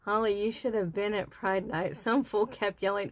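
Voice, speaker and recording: A woman hosting a casual crochet livestream, counting stitches softly under her breath and chatting with viewers. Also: medium pitch, normal speed, no room sound. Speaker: livestream host.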